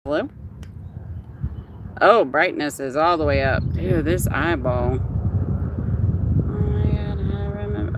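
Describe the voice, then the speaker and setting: Streamer, woman; slow, animated casual chat over a noisy phone stream with traffic behind. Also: lowish voice. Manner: chatty, animated, talks to viewers. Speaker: livestreamer.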